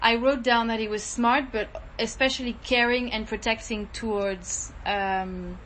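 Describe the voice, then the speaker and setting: A woman's voice: a little high, steady tone, unhurried, a bit bright, slight background noise, poor audio. A woman researcher talking through her focus group notes in a thoughtful, casual way. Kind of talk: casual debrief chat.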